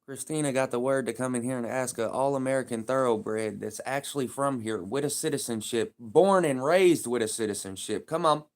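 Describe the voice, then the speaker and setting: A man's voice: mid-range voice, fairly quick, few pauses. A man live streaming, talking in a casual, heated and profane rambling rant.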